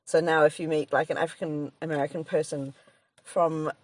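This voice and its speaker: Low-voiced Australian woman, rambling. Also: flat delivery, moderate pace, a little mellow. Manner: rambling, laughs often, trails off and restarts. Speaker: podcast co-host, comedian. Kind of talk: casual chat.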